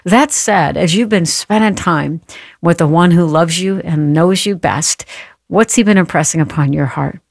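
Podcast host, christian interview show, affirming, mid-pitched, dry close mic. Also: normal speed, creaky, dry recording.

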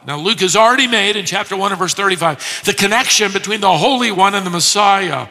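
Emphatic preacher with a bright voice. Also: male voice, sits high, a little fast, few pauses, in a large hall. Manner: emphatic, rhetorical questions. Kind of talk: expository sermon.

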